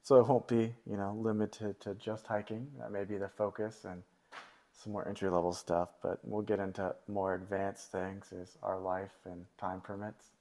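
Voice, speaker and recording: A man co-hosting a casual podcast, talking in an easygoing, halting way with fillers. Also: lowish voice, little pitch movement, warm tone. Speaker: podcast co-host.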